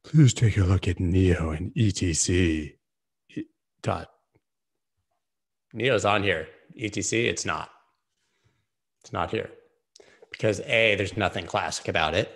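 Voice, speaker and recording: A man hosting a live stream, analysing trading charts in a casual, joking, rambling way with quick asides. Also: deep voice, vocal fry.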